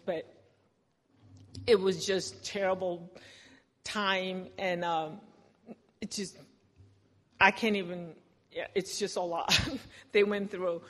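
A woman's voice: mid-range voice, fairly bright tone, in a large hall. A woman telling her recovery story in a candid, self-deprecating way, often laughing at herself. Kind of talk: personal recovery testimony.

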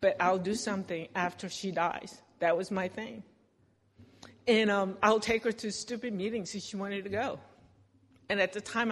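A woman's voice: mid-range voice, big-room sound. A woman telling her recovery story in a candid, self-deprecating way, often laughing at herself. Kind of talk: personal recovery testimony.

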